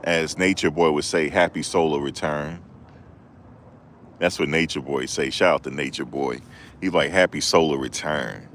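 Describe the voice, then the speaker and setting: A man with an extremely deep, low voice talks loosely to his live-stream viewers. His delivery is laid-back and repetitive, full of street slang, like a rideshare driver chatting between rides. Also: normal speed, a bit bright, a little hiss or hum. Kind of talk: casual live-stream chat.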